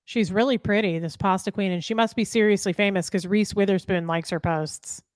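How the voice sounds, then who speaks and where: A woman's voice: medium pitch, steady tone, fairly quick, dry recording. A woman co-hosting a casual live stream, making dry, teasing remarks and exasperated asides. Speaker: livestream co-host.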